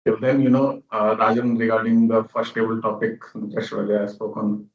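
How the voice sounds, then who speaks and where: A man's voice: fairly low pitch, little pitch movement, moderate pace. A man organizing an online club meeting, speaking in a plain, matter-of-fact way as he announces results. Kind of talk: casual online meeting talk. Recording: roomy, distant, lo-fi call audio.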